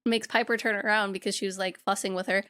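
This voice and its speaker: A woman co-hosting a podcast who walks through a movie plot in casual, swear-heavy chat. Her voice sits at a middling pitch for a woman, and her delivery is blunt and unfiltered. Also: fairly even intonation, fast, bright, forceful tone, smooth. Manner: blunt, profanity-laced retelling. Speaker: podcast co-host.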